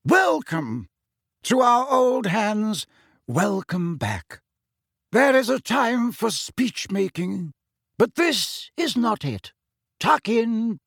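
A man's voice: high voice, very animated, gravelly, fairly bright tone, no echo, studio quality, pitched above the performer's own voice, full character voice. A man voicing a jovial old male wizard headmaster in a storybook reading. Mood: welcoming. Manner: ringing, welcoming, slow.

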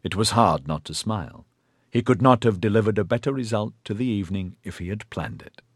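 Low-voiced male audiobook narrator. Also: brisk, breathy edge, no echo. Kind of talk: scripted narration of a sci-fi novel.

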